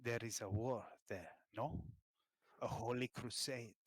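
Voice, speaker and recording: A man voicing a refined, proud, self-made gentleman who speaks in a slow, formal, hushed way. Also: mid-range voice, steady tone, breathy edge, dry recording, rough recording. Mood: curious.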